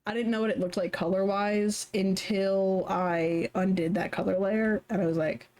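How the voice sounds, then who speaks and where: A young woman talks on a live stream as she draws, speaking into a desk mic. She chats loosely and rambles, pokes fun at herself, and her voice sits at an ordinary middle pitch. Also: steady tone, moderate pace, darkish tone. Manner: chatty, rambling, self-deprecating. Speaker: streamer drawing fan art. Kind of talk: casual live-stream chat while drawing.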